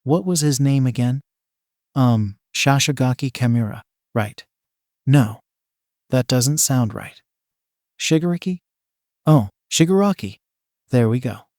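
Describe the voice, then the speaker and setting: A man's voice: mid-range voice, measured pace, a little mellow, dry recording, clean studio sound, close to an everyday voice. A man voicing a nervous, awkward young woman who mutters her rambling thoughts in a hesitant way, in a storybook reading. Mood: musing.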